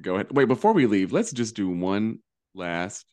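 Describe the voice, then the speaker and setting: A man co-hosting a casual pop-culture podcast, animated and campy, slipping into mock voices for jokes. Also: lowish voice, normal speed. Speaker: podcast co-host. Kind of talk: casual chat.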